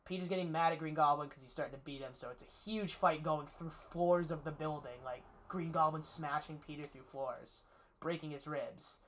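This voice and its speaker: A man's voice: a little high, normal speed, fairly bright tone, a little hiss or hum. A man giving a casual spoiler recap of a movie's plot, eager and rambling, with lots of fillers. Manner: enthusiastic, rambling, with many fillers. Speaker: movie reviewer.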